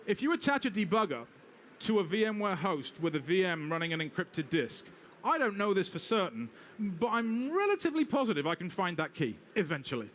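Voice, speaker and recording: A British man giving a live technical talk with a demo, brisk and wry, talking straight to the audience. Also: high voice, very animated, fairly bright tone, a little hiss or hum. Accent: British English. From Britain. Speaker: technical presenter.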